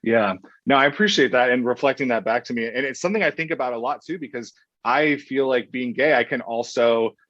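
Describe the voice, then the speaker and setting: A man's voice: medium pitch, fairly quick, a bit bright, dry recording. Thoughtful man from Oklahoma, muffled audio. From Oklahoma, USA. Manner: thoughtful, hesitant with fillers and restarts. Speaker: guest, professor. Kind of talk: reflective podcast conversation.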